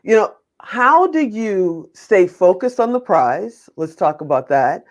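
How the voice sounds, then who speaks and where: A woman's voice: medium pitch, big pitch swings, takes it slowly. Effusive woman hosting a show. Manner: effusive, gushing with thanks. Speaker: host. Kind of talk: casual interview chat.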